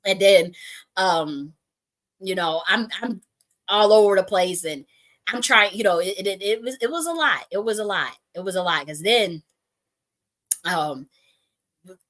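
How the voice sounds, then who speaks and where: A woman's voice: mid-range voice, expressive, measured pace, long pauses, fairly bright tone. A woman who works as a spiritual reader, telling a personal story in a rambling way, swearing freely and often restarting her sentences. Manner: profane, restarts often, breaks into laughs.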